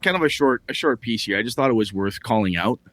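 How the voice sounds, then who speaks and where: A man's voice: medium pitch, lively intonation, quick pace, a bit bright, no echo. A man in his forties co-hosting a tabletop gaming podcast, talking casually in a profane, ranting way. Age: 40s. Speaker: podcast co-host.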